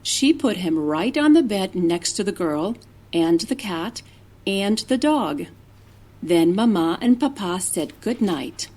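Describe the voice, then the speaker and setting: Slow, expressive woman reading a storybook. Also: medium pitch. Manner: slow, expressive, with animal noises and character voices. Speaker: teacher reading aloud. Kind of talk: children's storybook read-aloud.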